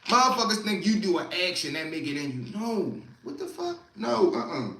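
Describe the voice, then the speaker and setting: A man's voice: on the high side, very animated, fairly quick, vocal fry, sharp tone, echoey room. A man hosting a casual livestream, talking street life in a streetwise storytelling way and greeting viewers by name. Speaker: livestream host.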